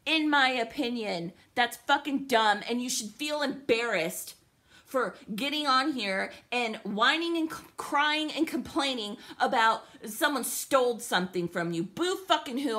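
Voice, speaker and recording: A woman's voice: a little high, normal speed, bright, forceful tone. A young woman venting in an angry, profane, sarcastic rant to the camera, upset and livid. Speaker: vlogger.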